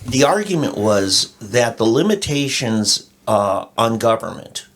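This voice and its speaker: A man's voice: mid-range voice, sing-song, measured pace, fairly bright tone, slight background noise. A man with a Minnesota accent co-hosting a political talk show, explaining history in detail. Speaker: co-host.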